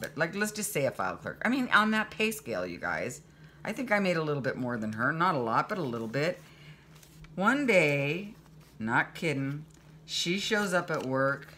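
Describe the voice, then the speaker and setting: A woman vlogger casually tells her viewers a story, chatty, animated, exasperated, and indignant as she acts out the quoted dialogue. Her voice is low-pitched, and there is a little hiss or hum in the recording.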